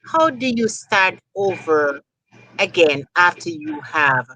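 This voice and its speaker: Low-voiced woman host, rambling interview talk. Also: animated, slow, sharp tone, no echo, rough recording. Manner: rambling, leans on "you know".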